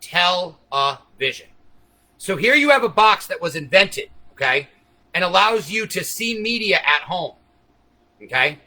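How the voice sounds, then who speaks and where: Male streamer, high bright voice, profane conspiratorial rambling monologue to viewers. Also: very animated, normal speed, rough recording. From United States. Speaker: livestream host.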